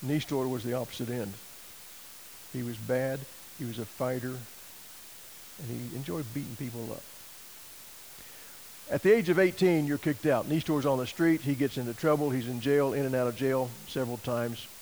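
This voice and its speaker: A man preaching a sermon, telling a story in a folksy, animated way and acting out quoted voices. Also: medium pitch, normal speed, slight background noise, rough recording. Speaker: missionary preacher.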